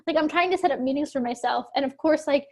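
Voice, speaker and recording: High-voiced chatty actress from Philadelphia. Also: female voice, a little mellow. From Philadelphia, USA. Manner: chatty, fast, many "like" fillers, laughs often. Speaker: actor and producer guest. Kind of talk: casual interview chat.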